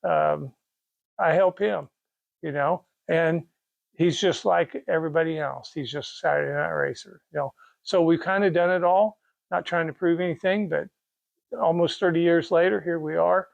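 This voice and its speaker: A man's voice: on the high side, steady tone, moderate pace, gravelly, no room sound, muffled recording. A middle-aged man with a Kansas accent, owner of a race car parts business, telling a rambling, folksy story with restarts and quoted dialogue. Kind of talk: casual storytelling.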